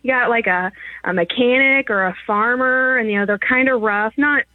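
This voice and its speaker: A woman calling in to a radio show, relaxed and drawling, over a phone line. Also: fairly high pitch, moderate pace, no echo. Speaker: caller. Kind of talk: phone-in call.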